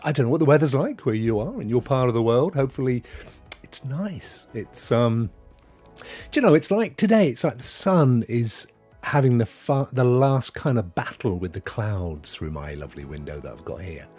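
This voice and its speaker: A British man in his fifties hosts a casual live stream, chatting easily and chuckling as he greets viewers by name. His voice is slightly husky, and his pitch rises and falls a lot as he talks. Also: lively intonation, moderate pace, darkish tone, faint music behind. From United Kingdom.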